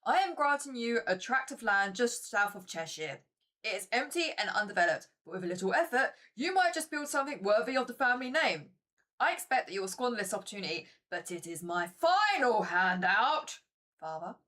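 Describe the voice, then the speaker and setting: A woman's voice: a little high, big pitch swings, brisk, hardly any pauses, recorded from a distance. A woman reading as a stern rich father. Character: stern wealthy English father, scolding.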